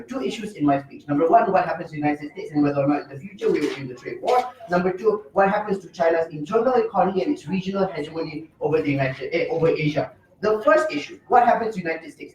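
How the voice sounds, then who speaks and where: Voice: mid-range voice, recorded from a distance. A young adult competitive debater giving an emphatic speech, rattling off numbered points and rebuttals. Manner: emphatic, heavy signposting, rapid rebuttals. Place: debate room. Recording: roomy echo, mic from afar.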